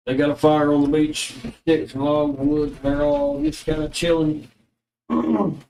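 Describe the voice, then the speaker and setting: A man's voice: on the high side, unhurried, creaky, warm tone, distant mic, a little hiss or hum. Man running a tabletop game in an echoey room. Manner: loose, rambling narration with fillers. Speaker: dungeon master.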